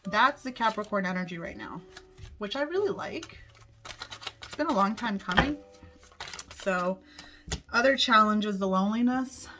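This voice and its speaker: Speaking directly to her viewers, a tarot reader delivers a relaxed, cheerful forecast, chatting away and cursing freely. Her mid-range voice sounds pushed and bright, background music runs beneath it, and there's a little hiss or hum.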